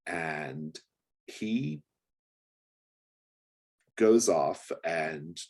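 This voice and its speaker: Husky low-voiced guy running a tabletop game, rambly lots of ums. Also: animated, extremely slow, darkish tone. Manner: rambling, hesitant, many fillers. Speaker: game master.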